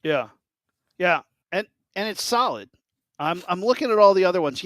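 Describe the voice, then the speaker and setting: In a relaxed podcast conversation, a man co-hosting the show excitedly tells stories, restarting often and using lots of fillers. His voice is a little high, his pace moderate, and there's no echo.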